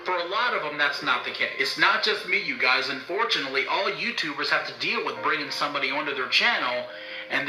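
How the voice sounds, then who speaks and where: A man's voice: fairly high pitch, bright, forceful tone. Angry swearing man vlogging in an echoey room. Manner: bitter, swearing, heated outbursts. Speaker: YouTuber. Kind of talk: angry vlog rant. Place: indoors, talking to own camera. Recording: roomy echo, faint music.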